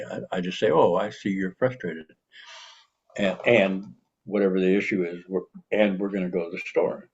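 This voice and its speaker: An older man with grandchildren, explaining calmly on a podcast with frequent pauses and fillers. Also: sits low, slightly rough. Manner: calm, explanatory, frequent hesitations. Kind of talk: podcast conversation. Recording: dull lo-fi sound.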